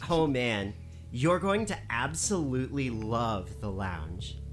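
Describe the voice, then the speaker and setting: A tipsy collie with no filter gushes with bubbly eagerness, as a man reads him out. The voice sits at a middling pitch. Quiet guitar music plays underneath. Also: expressive, takes it slowly. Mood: eager.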